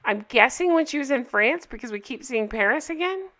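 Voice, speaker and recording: Bright-voiced chatty woman recapping a show. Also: high-pitched, animated, brisk. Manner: chatty, rambling, self-correcting, quoting characters in little voices. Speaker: TV show reviewer. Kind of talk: casual recap vlog.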